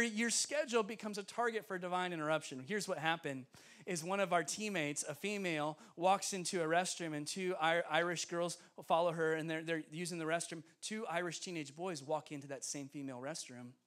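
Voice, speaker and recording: A man preaching as a guest speaker in a church, telling a story with lively acted-out dialogue. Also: fairly high pitch. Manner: animated, acts out dialogue, laughs often. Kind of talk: storytelling sermon. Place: church sanctuary.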